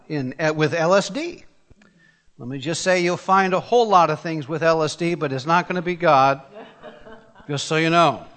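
Emphatic older preacher from Tennessee. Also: male voice, on the high side, fairly bright tone, in a large hall. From Tennessee, USA. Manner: emphatic, rhetorical questions, voice climbs when pressing a point. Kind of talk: sermon.

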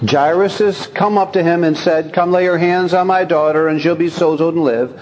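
A man preaching a sermon in a folksy, lively way, chuckling as he talks and reading scripture aloud. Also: fairly high pitch, normal speed. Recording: long hall reverb.

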